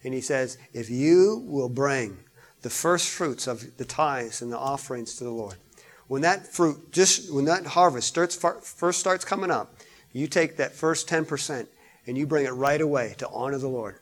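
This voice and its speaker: A man's voice: mid-range voice, normal speed. A man preaching a sermon, reading scripture and explaining it with repetition and rising emphasis. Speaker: pastor.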